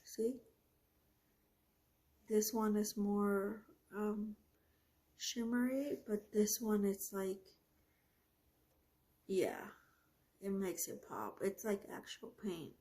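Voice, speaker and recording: A woman talks slowly and unhurriedly as she swatches paints at her art desk. She gushes over each color and often breaks off mid-sentence. Her tone is casual and chatty, like a host talking straight to her viewers. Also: medium pitch, warm tone. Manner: gushing, effusive, often trails off mid-sentence. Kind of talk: casual product review while swatching.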